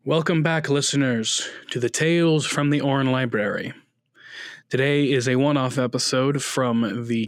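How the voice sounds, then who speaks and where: Relaxed man narrating a tabletop game. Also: mid-range voice, dry recording, clean studio sound. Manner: relaxed, with frequent ums and uhs. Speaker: game master.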